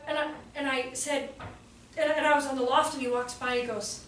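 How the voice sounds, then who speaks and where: An educator gives a storytelling talk to an audience, sharing classroom stories in a high, fairly quick voice. She's animated and laughs while imitating children's voices. The room is echoey, she's far from the mic, and there's faint noise.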